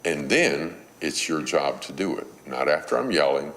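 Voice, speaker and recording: A man's voice: a bass voice, expressive, normal speed, slight background noise, pitched below the performer's own voice, exaggerated voice. A man voicing a mother who keeps calling her son to bed, pleading and nagging. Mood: apologetic. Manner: pleading, then exploding into a shout.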